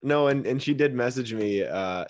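A man co-hosting a podcast, telling stories in a casual, animated way and acting out the people in them. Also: medium pitch, moderate pace, no room sound. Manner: animated storyteller who acts out voices. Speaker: podcast co-host.

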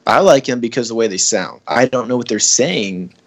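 A man's voice: medium pitch, expressive, brisk, gravelly. A young man chatting casually with friends, rambling with lots of filler words and swearing. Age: young adult. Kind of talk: casual podcast chat among friends.

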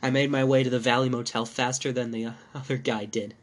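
A male podcast host narrating a first-person horror story in a measured, dark manner. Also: mid-range voice, little pitch movement.

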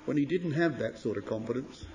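A man preaching a sermon to brothers and sisters, reading scripture in King James wording and swinging from loud emphatic declamation to low, quiet asides. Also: a little fast, dull audio, a little hiss or hum. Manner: addresses listeners as brothers and sisters.

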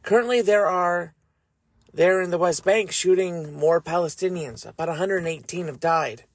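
A man hosting a faith podcast, reading scripture and speaking in an earnest, measured, reflective way. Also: high voice, no room sound. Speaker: podcast host.

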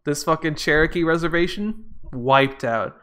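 A man's voice: fairly high pitch, moderate pace, fairly bright tone, clean tone. Laughing, profane man recapping a movie. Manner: laughing, profane, sarcastic recap with quoted voices. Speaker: podcast co-host. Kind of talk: casual chat, movie recap.

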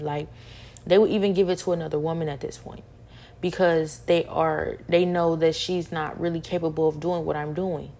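A woman's voice: low-pitched, flat delivery, normal speed, vocal fry, warm tone, a little hiss or hum. A young woman venting her frustration in a monologue, repeating each point several times.

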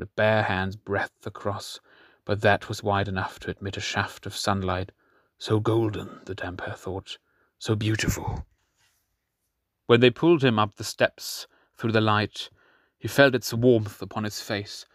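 A man narrating a fantasy audiobook in a steady, measured storytelling manner. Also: on the low side, no echo, clean studio sound.

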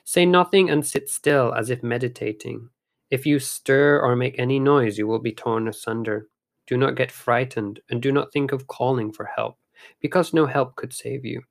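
A man's voice: medium pitch, normal speed, creaky, natural voice. A man voicing a grave, caring older priest in a storybook tale, speaking earnestly and instructively. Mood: solemn.

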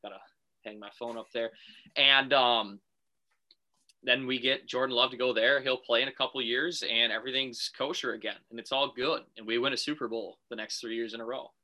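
A man co-hosting a casual sports talk show, telling a made-up phone call with animated put-on voices. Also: medium pitch, normal speed. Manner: animated storyteller, acts out phone calls. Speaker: podcast co-host.

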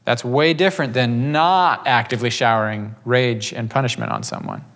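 A man's voice: medium pitch, big pitch swings, normal speed, vocal fry, a bit bright. A man leading a church class, teaching and telling stories informally, rambling with restarts and acting out quotes.

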